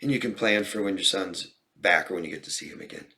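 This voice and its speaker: A man's voice: deep voice, fast talker, bright, forceful tone. A man coaching viewers in a Q&A, talking in an earnest, direct way with many restarts. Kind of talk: Q&A advice talk.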